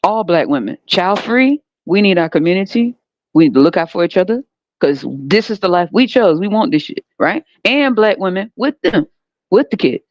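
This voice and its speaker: A woman's voice: mid-range voice, animated, moderate pace, darkish tone. Brief: American woman podcaster, blunt and emphatic, swears freely, muffled lo-fi sound with no room echo. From United States. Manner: profane, emphatic ranting with frequent rhetorical questions. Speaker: podcast host. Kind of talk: unscripted monologue. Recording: dull, dry lo-fi recording.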